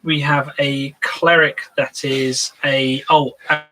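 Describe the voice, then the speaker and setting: A man's voice: medium pitch, level tone, takes it slowly, bright, forceful tone, poor audio. A man co-hosting a casual tabletop gaming chat, talking in a rambling, hesitant way with lots of fillers. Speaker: co-host.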